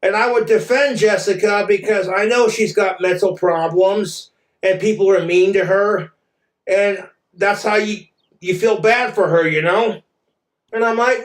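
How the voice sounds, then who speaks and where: A man's voice: high voice, fairly even intonation, unhurried. A man streaming, ranting bitterly and with exasperation. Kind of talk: angry rant on a stream. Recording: echoey room, far from mic.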